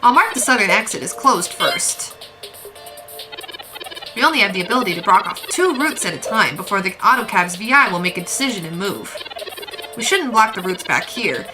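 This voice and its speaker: A woman's voice: mid-range voice, expressive, normal speed, lightly acted, low-quality recording. A woman voicing a polite, formal robot companion with old-fashioned wording, reading game dialogue while she plays. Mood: earnest. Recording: game music behind.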